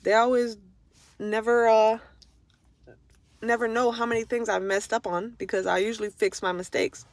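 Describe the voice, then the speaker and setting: A woman's voice: fairly high pitch, flat delivery, moderate pace, long pauses, no echo. A woman venting in an unscripted personal vlog, blunt and profane, often restarting her sentences out of frustration. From Florida. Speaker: vlogger.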